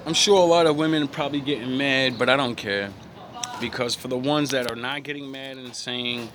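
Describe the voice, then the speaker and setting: A man's voice: medium pitch, fairly quick, background noise. A man from the United States giving a blunt, profane rant as a vlogger, mocking his targets and laughing between points. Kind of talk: ranting opinion monologue.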